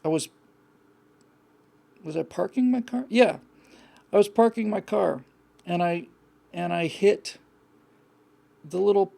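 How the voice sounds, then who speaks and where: Gravelly, mellow-voiced man giving blunt advice. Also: high-pitched, slow pace, pauses often. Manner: blunt, frank, rambling with repeated restarts. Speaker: host. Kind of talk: live call-in advice talk.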